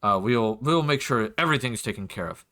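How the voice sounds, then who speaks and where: A man's voice: medium pitch, animated, a little fast, pushed and bright. A man doing a blunt guard sergeant. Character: gruff town guard sergeant, blunt and flustered.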